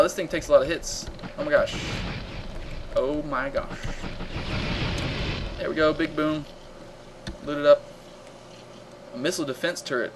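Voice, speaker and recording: A man hosting a live game stream, chatting casually and reacting loudly to the action while reading viewer comments aloud. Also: mid-range voice, background noise.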